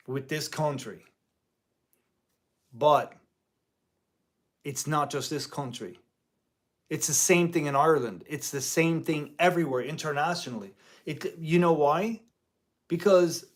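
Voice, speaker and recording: Slow-talking man with a high voice. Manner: rambling, with many restarts and mild euphemistic cursing. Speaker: part-time music teacher and guitar channel host. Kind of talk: casual commentary vlog.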